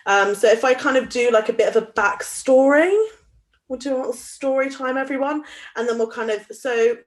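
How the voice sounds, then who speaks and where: A woman's voice: fairly high pitch, fairly even intonation, moderate pace. A young woman from Somerset in England speaking as a guest, chatty and self-deprecating, full of "like" and "kind of". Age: young adult. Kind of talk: casual talk.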